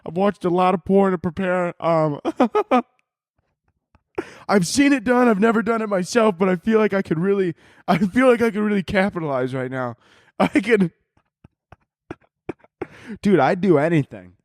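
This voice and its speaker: A man's voice: high voice, measured pace, pauses often, dry recording, clean studio sound. A man of twenty hosting a podcast, rambling through a crude, comedic monologue with lots of swearing and frequent laughter. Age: 20s. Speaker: podcast host.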